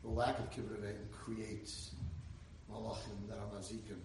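A man giving an inspirational Torah lecture, telling a story and building to loud, emphatic peaks. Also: on the low side, flat delivery, moderate pace, distant mic, background noise. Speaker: rabbi lecturer. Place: lecture hall. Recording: echoey hall, speaker away from mic.

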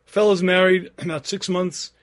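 A man in his fifties giving a Torah lecture, telling stories earnestly and clearing his throat often. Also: sits high, fairly even intonation, normal speed.

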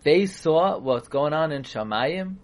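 A man's voice: fairly high pitch, slow pace. Emphatic man giving a Torah lecture. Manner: rhetorical questions, grows emphatic and animated. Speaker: Torah teacher. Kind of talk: Torah lecture on the weekly portion.

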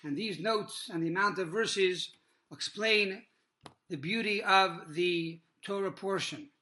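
A man leads a Torah class in a sermon style, with a high voice. His tone is very bright and ringing, and he tells stories slowly with many pauses, dropping Hebrew religious terms along the way. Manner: measured storytelling with frequent pauses and fillers. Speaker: rabbi teaching a Torah class.

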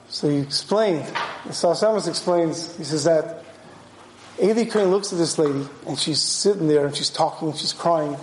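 A man's voice: on the high side, moderate pace, echoey room, a little hiss or hum, rough recording. A man who sounds like a rabbi, giving a sermon and telling stories with animation. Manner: animated storyteller acting out voices. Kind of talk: sermon with storytelling.

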